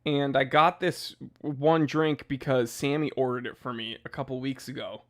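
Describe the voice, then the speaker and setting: A man's voice: mid-range voice, fairly even intonation, normal speed, a bit bright. A young man hosting a casual livestream from his home office, joking and ranting as he reads names from the chat. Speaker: watch channel host.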